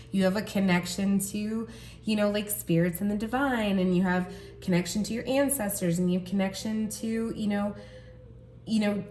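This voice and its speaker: An excitable woman reading tarot cards for her viewers, gushing over each card with gasps and a constant stream of "like". Her voice carries an echo from the room, with a faint hum of ambient noise behind it. She sits at a mid pitch for a woman. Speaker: tarot reader.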